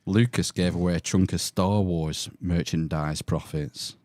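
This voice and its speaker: Low-voiced chatty man. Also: fairly even intonation, unhurried, darkish tone, dry recording. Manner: chatty, reminiscing, with fillers. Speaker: podcast host. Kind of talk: casual chat.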